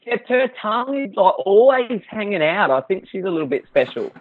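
A man's voice: high voice, sing-song, fairly quick. Joking Australian man on a muffled line. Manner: jokey, self-deprecating. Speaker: interview guest. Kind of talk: casual video-call chat. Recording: muffled dry sound.

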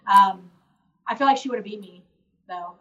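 A woman chatting casually as an interview guest, quick and full of "like" fillers. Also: mid-range voice, a bit bright. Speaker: interview guest, reality show contestant. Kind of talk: casual live Q&A chat. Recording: distant, dull remote call audio.

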